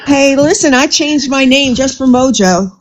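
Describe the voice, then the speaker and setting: A woman's voice: high-pitched, moderate pace, rough recording. A woman on a live political panel, asking pointed, needling questions. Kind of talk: casual debate chat.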